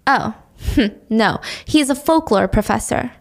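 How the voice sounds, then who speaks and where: A cold, stern old grandmother in her seventies, curt and unloving, speaking in flat short lines , as a woman narrator puts her on. The voice sits a little high for a grandmother. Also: slow pace.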